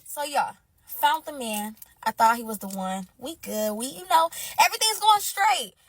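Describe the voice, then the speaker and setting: A woman with a high, bright-pitched voice tells a storytime in loose, slangy chatter. She keeps turning to her viewers and calling them y'all, animated and expressive throughout. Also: a little slow. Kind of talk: casual storytime to camera.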